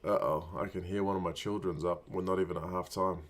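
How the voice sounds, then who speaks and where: A man's voice: sits low, steady tone, fast. A man in his thirties hosting a live watch-along from home, giving casual commentary in muttered reactions and urging the players on. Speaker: watch-along stream host.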